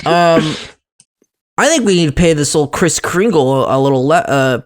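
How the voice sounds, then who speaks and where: Man, slightly high voice, tabletop player, jokey, laughs a lot. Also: animated, normal speed. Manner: joking, laughs often, puts on voices for his monkey character. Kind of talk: tabletop role-play banter.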